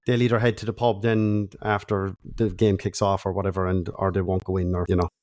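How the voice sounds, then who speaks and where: Cork lad on a podcast, lowish voice, hedges a lot. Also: male voice, flat delivery, brisk, a little mellow. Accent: Irish, Cork. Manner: hesitant, hedging. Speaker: podcast co-host. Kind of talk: casual chat.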